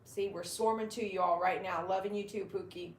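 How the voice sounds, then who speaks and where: A woman's voice: medium pitch, steady tone, fairly quick, roomy sound. A woman hosting a casual livestream from home. She chats to her dogs and reads viewer comments aloud. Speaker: dog groomer and livestream host.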